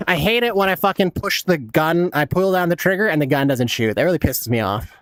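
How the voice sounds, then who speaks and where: A man's voice: fairly high pitch, lively intonation, a little fast, fairly bright tone, no echo. A man in his thirties giving casual, laid-back gameplay commentary as a streamer, swearing a lot and laughing often. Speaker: game streamer.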